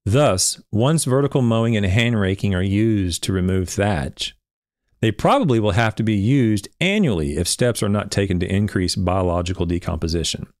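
A podcast host reviewing turf research reads a paper aloud and critiques it with insistent emphasis and bursts of giggling. His voice is on the low side and a little mellow, with lively intonation and normal speed, captured in a dry, clean studio recording.

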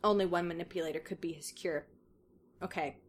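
A woman's voice: lowish voice, fairly even intonation, brisk, a little hiss or hum. A woman co-hosting a casual comedy podcast, reading a story aloud with dramatic flair and breaking into laughter. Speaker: podcast co-host reading fan fiction aloud.

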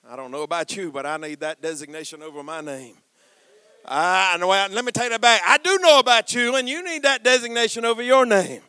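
Pastor, sermon delivery, very high and clear voice, call-and-response, builds to shouts. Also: male voice, lively intonation, brisk, no echo. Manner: preaching with call-and-response asides, swings from quiet to shouting.

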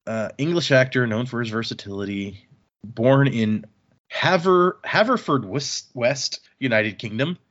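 An easygoing man co-hosting a book podcast, chatting loosely and letting his sentences wander off. His voice sits at an ordinary middle pitch. The audio is a bit muffled and lo-fi. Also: a little slow, fairly bright tone. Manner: easygoing, rambling, trails off mid-sentence. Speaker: podcast co-host. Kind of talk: casual chat.

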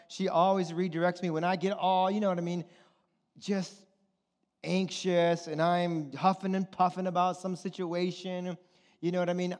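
A middle-aged male pastor preaching a sermon, animated and firing rhetorical questions at the congregation. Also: high-pitched. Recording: long reverb of a large hall.

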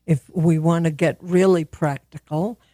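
A woman speaking slowly and gently on a podcast, sharing a simple self-love practice with long pauses. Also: low-pitched, steady tone, no room sound, clean studio sound. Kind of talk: reflective spiritual podcast talk.

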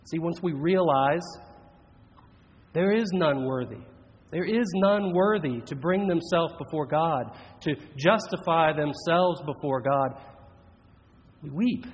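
Man, preacher, sermon, slow deliberate delivery, husky voice, slightly high pitch, long hall reverb, dull audio. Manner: earnest, measured preaching with slow emphatic phrases.

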